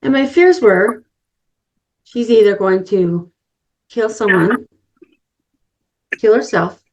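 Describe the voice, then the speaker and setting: A woman's voice: mid-range voice, slow, lo-fi sound. A middle-aged woman giving an inspirational talk, telling a personal story earnestly and addressing the listeners directly. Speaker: summit speaker.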